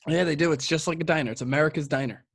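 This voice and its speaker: Slightly high and full of vocal fry, this young man's voice comes out rapid-fire over a little background noise. As a co-host on a beer review podcast, he keeps the chat casual, full of crude, joking banter.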